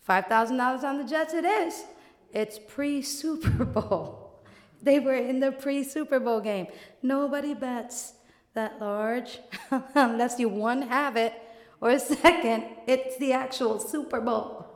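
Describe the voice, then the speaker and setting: A woman from the Bronx, telling an animated personal story and laughing often. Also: sits high, unhurried. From the Bronx, New York. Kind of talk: storytelling monologue. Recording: echoey hall with long reverb.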